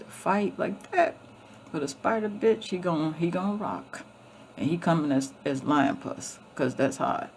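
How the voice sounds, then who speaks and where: Gravelly, foul-mouthed woman vlogger. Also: deep voice, slight background noise. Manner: profane, emphatic, blunt; repeats and restarts often. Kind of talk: casual storytelling.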